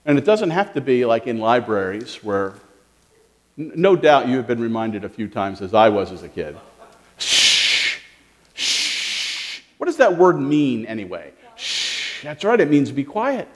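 A man speaking as a pastor, giving a lively children's sermon in a church and asking the children questions. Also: medium pitch, moderate pace, in a large hall. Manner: animated, questioning, talks to children. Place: church sanctuary.

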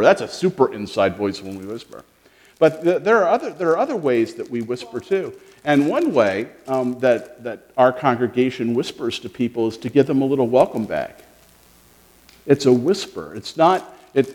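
A man speaking as a pastor, giving a lively children's sermon in a church and asking the children questions. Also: medium pitch, big-room sound. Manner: animated, questioning, talks to children. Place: church sanctuary.

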